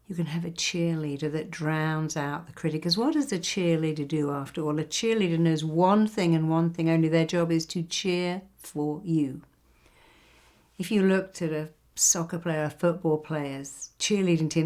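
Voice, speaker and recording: Older woman, from England, therapist, guided self-help talk, low-ish voice, acts out quoted voices. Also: darkish tone. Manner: acts out quoted critics and cheerleaders.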